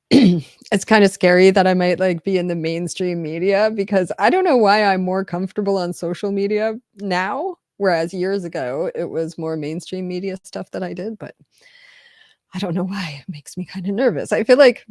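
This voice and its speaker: A woman talking casually to her live stream viewers in a fairly low voice, rambling along with restarts and quiet laughs. The sound is dry and close, with no room echo. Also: moderate pace. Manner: chatty, rambling, with frequent restarts and soft laughs. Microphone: close mic on a live stream.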